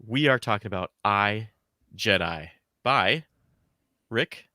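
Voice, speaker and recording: A man's voice: fairly low pitch, lively intonation, slow, pushed and bright, dry recording, studio quality. A man co-hosting a podcast in casual, joking banter over a video call. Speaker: podcast co-host.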